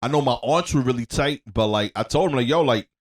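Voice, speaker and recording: A man's voice: mid-range voice, fast talker. A man co-hosting a casual podcast, talking in a laid-back way with slang and lots of "like". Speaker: podcast co-host. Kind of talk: casual chat.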